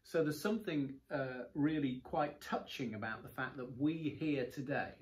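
Male bishop, calm reflective discussion voice, middle pitch. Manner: measured, reflective commentary. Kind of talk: conversational bible discussion.

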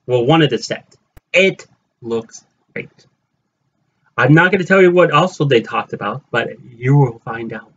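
A man's voice: fairly high pitch, highs cut off. A man vlogging about his collection, gushing and repeating himself as he speaks straight to his fellow fans. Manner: gushing, repetitive, addresses viewers as fellow fans. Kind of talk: excited unboxing vlog.

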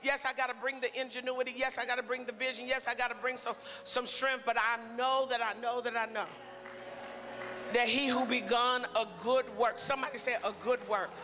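A male preacher delivering a call-and-response sermon, exhorting the congregation and building to shouts. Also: very high voice, little pitch movement, brisk, over music. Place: church sanctuary. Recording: reverberant church hall, faint crowd.

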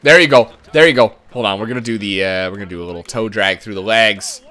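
A young man giving casual, profane commentary on his own hockey video game, swinging from low muttering to loud excited shouts. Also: quick pace. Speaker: gaming YouTuber.

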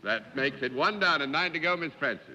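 Jovial bright-voiced 1950s game show host. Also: male voice, on the high side, animated, a little fast. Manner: formal, wordy and jovial, often laughing. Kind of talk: hosting a live panel game. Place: television studio with live audience. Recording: dull 1950s TV broadcast, hall reverb, faint hiss.

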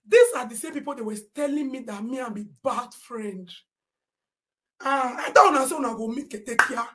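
A woman with a Nigerian accent, ranting indignantly on a live stream in Pidgin, often shouting and reading viewers' comments aloud. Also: fairly high pitch, normal speed. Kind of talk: Nigerian Pidgin social media rant.

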